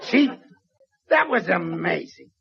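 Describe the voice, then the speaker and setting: A man's voice: sits high, big pitch swings, slow, vocal fry, crowd noise, exaggerated voice. A man playing a dim, eager police sergeant sidekick in a 1940s radio comedy sketch, earnest in manner. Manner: earnest, gee-whiz sidekick. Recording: dull 1940s radio recording with studio audience.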